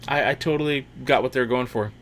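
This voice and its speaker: A man's voice: medium pitch, a little fast, fairly bright tone. A man hosting a casual watch-party livestream, reading chat comments aloud and laughing often.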